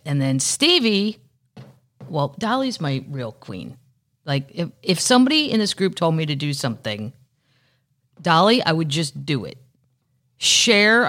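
A woman's voice: fairly low pitch, vocal fry. A middle-aged woman hosting her own podcast, chatting casually with wry, rambling asides. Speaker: podcast host. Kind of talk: casual solo chat.

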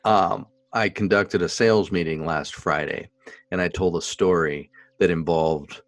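A man's voice: low-pitched, fairly even intonation, unhurried, no room sound. A man co-hosting a podcast, chatting casually and animatedly with his co-host, laughing often. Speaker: podcast co-host, expectant father. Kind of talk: casual chat.

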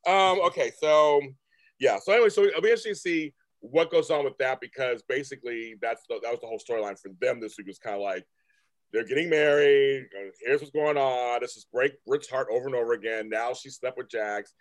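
A man co-hosting a casual podcast chat, animated and acting out lines in playful high voices. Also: brisk. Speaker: podcast co-host. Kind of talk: casual chat about a soap opera.

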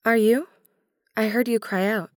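A woman voicing a shy, gentle young goddess who speaks softly and with care. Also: fairly high pitch, fairly even intonation, measured pace, no echo, studio quality, voice pushed up, natural voice. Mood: tender concern. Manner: soft, hushed.

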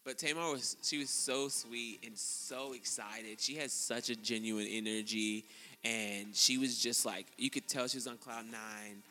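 Animated man telling stories on a podcast. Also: a little slow, big-room sound, faint music behind. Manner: animated, laughs often, acts out quotes in a high voice. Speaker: podcast co-host. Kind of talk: casual storytelling chat.

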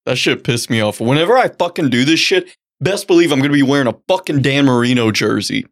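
A man's voice: medium pitch, lively intonation, fast talker. A man co-hosting a podcast, ranting with mock indignation in casual, profane chat. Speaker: podcast co-host.

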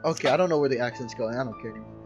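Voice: medium pitch, rapid-fire, lo-fi sound, faint music behind. A casual co-host reading scary internet stories aloud, stopping often to joke and laugh. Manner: giggly, interrupts himself to joke. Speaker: story reader, co-host. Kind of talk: casual comedic story reading.

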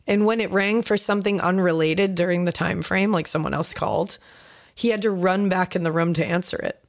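In a casual true-crime podcast, a woman talks quite quickly in a lowish, steady voice. She lays out the case details for her co-host as a story, filling her speech with fillers.

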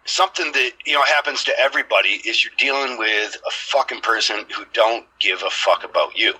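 A man's voice: mid-range voice, fairly quick, sharp tone, slightly rough, rough recording. A man telling rambling stories in a casual podcast chat, swearing freely.

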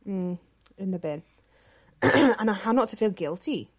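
A woman's voice: medium pitch, lively intonation, slow. A woman co-hosting a casual chat podcast, reading out listener questions and answering them frankly with plenty of swearing and filler words.

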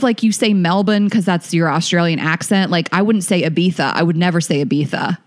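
A young woman co-hosting a casual podcast, chatting playfully and laughing easily. Her voice sits a little low, and the sound is close and dry, with no room echo. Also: fairly quick. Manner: bubbly, laughs often, playful. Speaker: podcast co-host. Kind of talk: casual chat.

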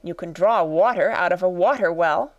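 A woman's voice: on the low side, normal speed, lo-fi sound, natural voice. A woman voicing a rude, mocking man at a tea party, smug and needling, in a storybook reading. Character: rude, mocking male hatter.

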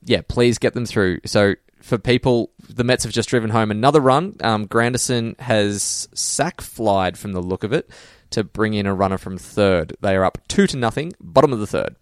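Man, podcast co-host, casual and jokey, lowish voice, close dry mic. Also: moderate pace, hardly any pauses, smooth, dry recording. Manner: jokey, breaks off to give live baseball scores. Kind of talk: casual chat.

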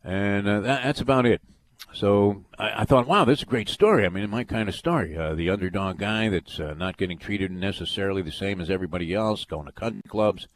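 A man's voice: low-pitched, brisk. A man hosting a sports radio show, telling long rambling stories with lots of fillers and restarts. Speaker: radio sports talk host. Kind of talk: casual storytelling on sports radio.

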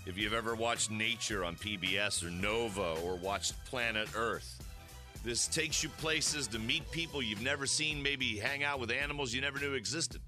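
A man's voice: medium pitch, moderate pace, music in the background. A male host giving a chatty, upbeat introduction to a comedy story segment. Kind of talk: show introduction.

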